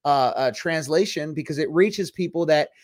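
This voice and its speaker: A man hosting a Christian livestream show, talking in a chatty, rambling way with quick asides. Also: a little high, dry recording, clean studio sound. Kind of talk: casual livestream chat.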